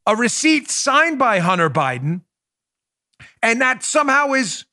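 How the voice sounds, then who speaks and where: Male podcast host, high-pitched and sharp-toned, sarcastic and emphatic, dry close sound. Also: very animated, measured pace, no echo. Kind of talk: opinionated podcast monologue.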